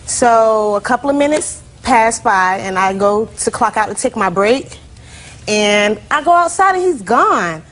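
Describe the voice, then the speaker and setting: A woman's voice: fairly high pitch, lively intonation, a little slow, a bit bright. A woman in her twenties, a plaintiff in a TV courtroom, telling her story chattily with lots of "like" and "you know". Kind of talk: courtroom testimony.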